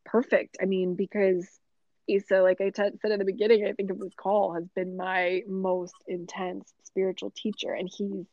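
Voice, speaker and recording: A woman guest and yoga teacher, talking in a relaxed, reflective way with many fillers and frequent laughs. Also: mid-range voice, moderate pace, no echo. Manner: chatty and reflective, many "you know" fillers, laughs often. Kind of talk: casual podcast conversation. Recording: dull, lo-fi sound.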